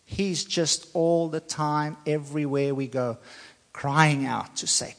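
Slow, emphatic male preacher in an echoey hall. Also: fairly high pitch. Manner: slow, emphatic, repeats phrases for stress. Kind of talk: sermon.

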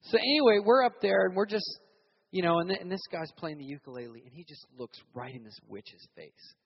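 A young man from Virginia preaching a sermon, telling stories animatedly and acting out loud shouted voices. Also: sits high, animated, a little fast, creaky, husky. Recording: reverberant hall, dull sound.

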